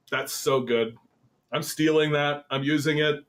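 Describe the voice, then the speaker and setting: A man hosting a political commentary show, reading an article aloud and reacting to it in an animated, swearing, exasperated way. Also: fairly high pitch, unhurried. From Canada.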